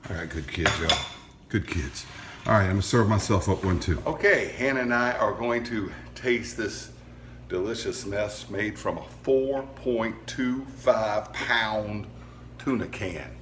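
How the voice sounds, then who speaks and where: A man's voice: on the low side, a little slow, fairly bright tone, slight background noise. A middle-aged man hosts a casual cooking vlog outdoors at a grill, joking and chatting with his kids in a folksy way. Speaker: cooking show host and father.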